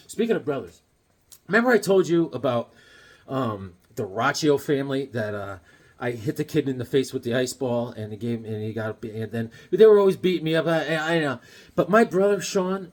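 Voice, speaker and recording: A middle-aged man vlogging casually, excitable and joking as he talks straight to the viewer. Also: a little high. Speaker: comic collector vlogger. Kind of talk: casual show-and-tell vlog.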